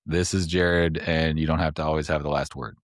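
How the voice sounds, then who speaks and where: Brief: male podcast host, extremely deep voice, rambling casual explainer, dry close sound. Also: fairly even intonation, brisk, no echo. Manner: rambling, explains step by step with fillers.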